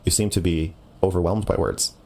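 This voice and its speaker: A man's voice: deep voice, steady tone, fairly quick, vocal fry, warm tone. A man streamer arguing with a caller in a blunt, lecturing way, often cutting the other person off. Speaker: streamer taking a call. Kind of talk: heated debate on a call.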